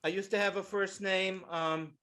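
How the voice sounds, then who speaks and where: A man in his sixties doing a stand-up comedy set in a club, with a loud, punchy delivery, swearing and shouting his punchlines. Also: sits high, steady tone, moderate pace. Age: 60s.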